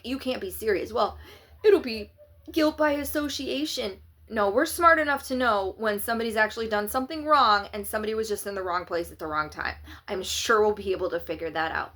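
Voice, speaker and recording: A woman's voice: medium pitch, a little fast. Sarcastic woman vlogging politics. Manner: opinionated, sarcastic, animated. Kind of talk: casual political commentary.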